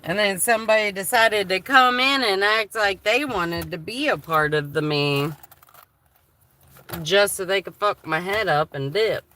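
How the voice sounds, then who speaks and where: A woman's voice: medium pitch, unhurried, sharp tone. A woman chatting candidly on a livestream, emotional and swearing freely. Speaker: live streamer. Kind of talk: casual livestream chat.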